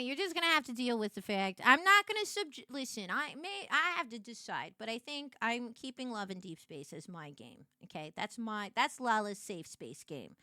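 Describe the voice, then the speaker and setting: Bright lively young woman streamer, casual chat, dry close mic. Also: medium pitch, no room sound. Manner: animated, laughing, shrieks when excited.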